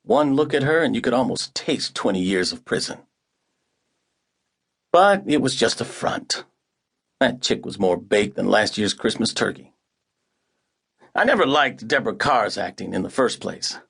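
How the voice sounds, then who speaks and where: A man's voice: medium pitch, expressive, a little slow, vocal fry, pauses often, fairly bright tone, husky. A man narrating an audiobook in the first person, with a wry, hard-boiled delivery.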